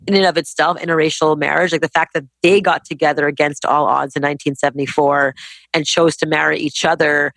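Emphatic, fast-talking woman. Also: low-pitched, creaky, no room sound. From Canada. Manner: emphatic, animated, rapid storytelling. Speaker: guest entrepreneur. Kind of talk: casual podcast interview.

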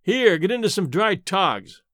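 A man's voice: high voice, sing-song, unhurried, a bit bright, no echo, clean studio sound, heavily acted. A man voicing a cocky, nonchalant young frontiersman who talks in an offhand drawl.

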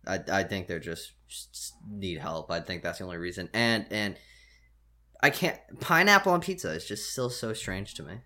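A man's voice: low-pitched, animated, normal speed, sharp tone. A man co-hosting a casual podcast, talking in loose run-on phrases full of fillers. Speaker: podcast co-host. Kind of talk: casual chat.

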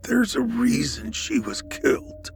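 A man voicing a frail, dying male inmate with a croaky voice, speaking slowly in a hushed near-whisper. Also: very high voice, fairly even intonation, faint music behind, voice pushed up. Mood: strained, confessing.

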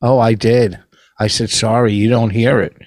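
A man's voice: mid-range voice, fairly even intonation, moderate pace, darkish tone, dry recording. A man co-hosting a podcast from home, bickering defensively with his wife in a casual argument. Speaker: podcast co-host. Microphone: computer camera.

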